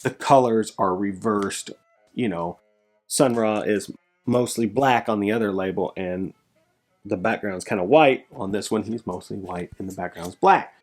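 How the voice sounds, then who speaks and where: A man talking casually on his vlog as a record collector, showing his finds and getting excited, his voice jumping up when thrilled and dropping low after. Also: a little slow. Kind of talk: casual show-and-tell vlog.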